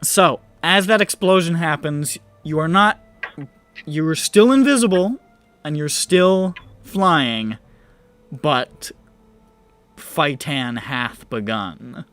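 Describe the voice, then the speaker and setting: A man's voice: a little high, expressive, slow, fairly bright tone, faint music behind. A man running a tabletop game as game master, casual and profane, often laughing.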